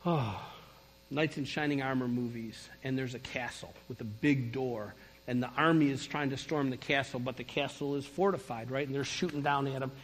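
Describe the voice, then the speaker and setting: A middle-aged man preaching a sermon, telling his story in an animated, emphatic way. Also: mid-range voice, moderate pace, slight background noise. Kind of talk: sermon testimony. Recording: long reverb of a large hall.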